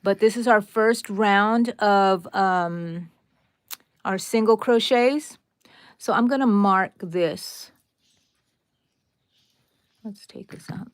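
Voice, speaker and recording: A woman's voice: mid-range voice, slow pace, pauses often, smooth. A woman with a Texan drawl chats away to her viewers while she teaches a crochet project live, wandering into friendly asides. Her voice sits in an ordinary middle range. The sound is dry and close, with no room echo. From Texas, USA. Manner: chatty, talks straight to viewers, rambling asides. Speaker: crochet livestream host. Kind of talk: casual live crochet tutorial.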